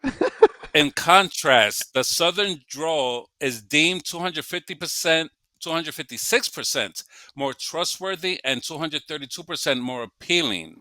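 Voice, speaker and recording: A man's voice: fairly high pitch, animated, measured pace, sharp tone, no room sound. A man with a New York accent co-hosting a podcast, joking and reading aloud between laughs. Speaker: podcast co-host. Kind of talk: casual banter.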